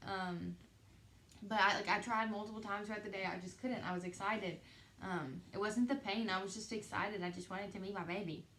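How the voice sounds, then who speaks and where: A young woman tells a personal story to the camera in a casual, chatty way, lively as she acts out what people said. The room gives her voice a noticeable echo, and faint background ambience sits under it. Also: medium pitch, fairly quick, a little hiss or hum. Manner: chatty, animated retelling with lots of "like" and quoted dialogue. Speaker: vlogger.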